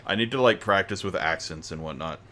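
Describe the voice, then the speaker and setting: Deep-voiced man streaming a game. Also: brisk, pushed and bright. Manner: rambling, with restarts and tangents. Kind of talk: casual gaming stream chat.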